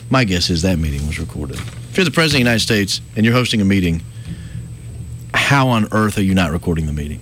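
A man's voice: deep voice, very animated, fast talker, a bit bright, slight background noise. A man hosting a morning talk radio show, sarcastic and mocking in his banter. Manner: sarcastic, mocking, puts on sing-song voices. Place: radio studio.

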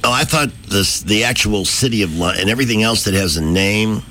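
A man's voice: on the low side, brisk, pushed and bright. A man hosting a radio show in casual chat, jokey and playful, taking callers. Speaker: radio host.

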